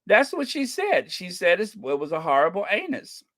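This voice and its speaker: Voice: mid-range voice, wildly swooping pitch, moderate pace, a bit bright. An American channel host giving casual commentary with a sarcastic, rambling, mocking manner. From United States.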